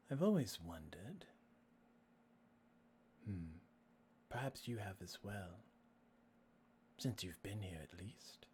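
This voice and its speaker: A man voicing a sinister, unseen male being who speaks in a low, taunting whisper. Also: a little mellow, a little hiss or hum, heavily acted. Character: creepy unseen male power source, sinister.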